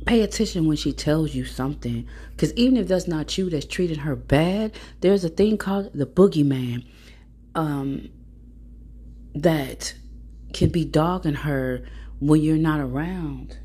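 Low, husky woman giving blunt advice. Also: lively intonation, unhurried, dark tone. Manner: blunt, profane, preachy and direct. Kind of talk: casual storytelling advice monologue.

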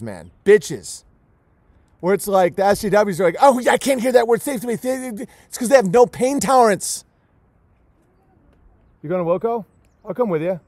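Male stream host, high voice, dry close sound; abrasive, mocking rant delivery. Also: a little mellow, no room sound. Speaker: livestream host. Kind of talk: profane ranting monologue.

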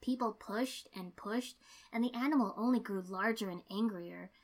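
A woman reading a first-person story aloud in an even, steady narration. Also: medium pitch, moderate pace. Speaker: reader.

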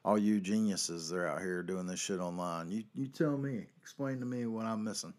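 A man from North Carolina, hosting his own podcast in a profane, ranting monologue that swings between yelling and muttering. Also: fairly low pitch, moderate pace. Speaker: podcast host.

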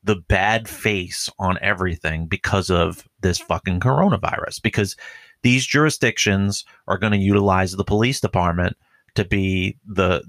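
Cop guy ranting on a podcast, low-ish voice, swears a lot, bone dry close mic. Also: a bit bright, dry recording. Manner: rambling, profane, heavy use of filler "like". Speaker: police officer. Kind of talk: casual podcast chat.

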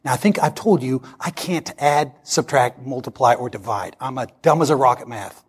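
A man in his sixties preaching a sermon, telling a personal story in an animated way and acting out the dialogue. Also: medium pitch, normal speed, husky. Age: 60s.

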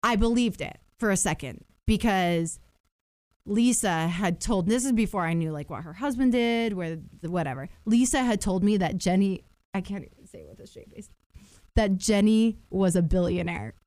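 A woman's voice: mid-range voice, moderate pace, a little mellow, no room sound. A woman chatting casually and telling stories, circling back with fillers and restarts. Her voice sits mid-range for a woman. The sound is dry and close to the mic. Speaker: podcast guest. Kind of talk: casual chat.

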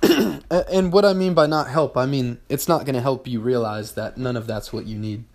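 A man's voice: medium pitch, moderate pace, a little mellow. Blunt, profane man hosting a podcast. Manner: blunt, profane, repeats points for emphasis; often clears throat. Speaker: podcast host. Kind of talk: solo podcast monologue.

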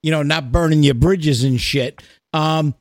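A podcast host in his fifties tells a story in casual, profane chat, full of fillers. His voice sits fairly high and the sound is close and dry. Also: measured pace, dry recording.

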